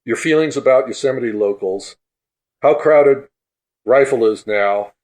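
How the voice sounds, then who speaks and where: A man guesting on a podcast, telling an animated story and acting out the quoted voices, with laughter running through it. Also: medium pitch, unhurried. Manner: laughs through his stories; acts out quoted speech.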